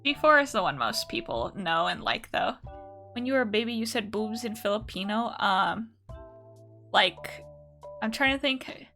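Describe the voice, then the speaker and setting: A young woman from the United States chats loosely with her viewers during a live art stream, swearing freely. Her voice is bright and forward, and her pitch bounces around a lot as she talks. Soft music plays faintly behind her. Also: animated, moderate pace. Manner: chatty and profane, answering chat. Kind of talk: casual live-stream chat.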